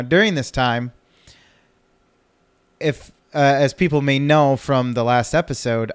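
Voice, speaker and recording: A man in his thirties co-hosts a laid-back podcast from home, speaking in a smooth, medium-pitched voice with no echo. He rambles, breaks off his own sentences and swears when he gets flustered.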